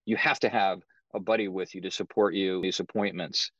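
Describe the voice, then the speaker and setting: A middle-aged man speaking as a podcast guest, telling his story in a measured, matter-of-fact way. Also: low-pitched, fairly even intonation, fairly bright tone, husky, dry recording, muffled recording. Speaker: guest, author. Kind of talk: podcast interview.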